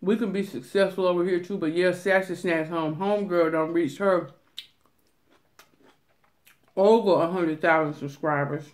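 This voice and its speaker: A talkative woman chatting to her viewers in a vlog. Her voice sits a little low for a woman. She turns animated and breaks into soft whispers now and then. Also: moderate pace, pauses often. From Atlanta, USA. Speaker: mukbang vlogger. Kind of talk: casual chat to viewers.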